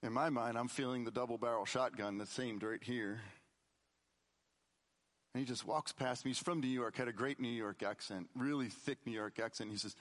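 A middle-aged man preaching a conversational sermon, swinging between loud emphatic lines and quiet, low asides. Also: steady tone, normal speed. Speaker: pastor.

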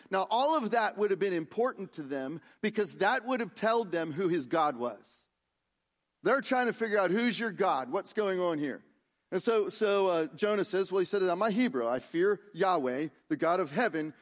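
A man preaching a sermon, reading scripture aloud and explaining it with frequent restarts. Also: high-pitched. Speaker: pastor.

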